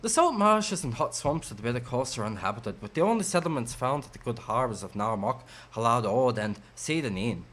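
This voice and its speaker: A man voicing a brisk, helpful male scout guide with a put-on Irish accent, reciting places and routes in a lilting voice. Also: medium pitch, expressive, a bit bright, pitched below the performer's own voice.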